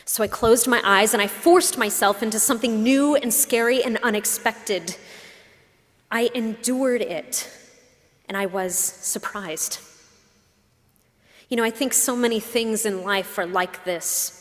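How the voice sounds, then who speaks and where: A woman pastor, her voice fairly high and unhurried, preaches a sermon in a church sanctuary. Emotional personal stories mix with reflective questions, all captured with long hall reverb.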